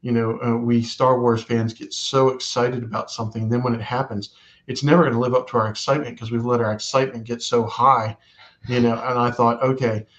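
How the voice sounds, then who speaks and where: A man of middle pitch co-hosting a fan show, winding through a story with lots of "you know" and "um" and quoting the people in it. The sound is dull and lo-fi. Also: flat delivery, a little fast. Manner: rambling, many fillers, quotes others in stories. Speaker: co-host of a fan watch-along show. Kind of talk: casual fan chat.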